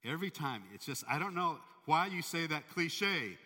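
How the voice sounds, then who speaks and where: A man voicing a proud, hot-tempered king in a spoken sermon story, with loud, exasperated outbursts. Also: fairly high pitch, a little fast, long reverb tail, voice pushed up. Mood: angry.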